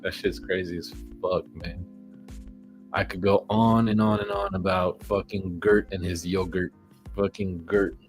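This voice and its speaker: A young man with a low, deep voice talks loosely to his stream, swearing freely and drifting from topic to topic. Soft music plays faintly behind him. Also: fairly even intonation, unhurried. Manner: profane, joking, rambling. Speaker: livestreamer. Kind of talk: casual rambling livestream chat.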